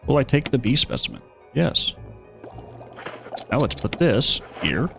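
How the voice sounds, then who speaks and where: A man's voice: mid-range voice, animated, measured pace, vocal fry, fairly bright tone, soft background music. A man streaming a horror video game, chatting casually and narrating his own moves with wry asides. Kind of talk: live gameplay commentary.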